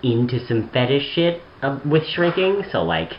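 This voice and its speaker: A man's voice: medium pitch, big pitch swings, unhurried, reverberant, lo-fi sound, a little hiss or hum. A man co-hosting a podcast in casual chat, making blunt, crude asides. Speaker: podcast co-host.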